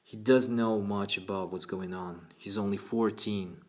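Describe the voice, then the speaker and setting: A man's voice: lowish voice, steady tone, a little slow. A man voicing a friendly, talkative eighteen-year-old in an audiobook reading. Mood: casual.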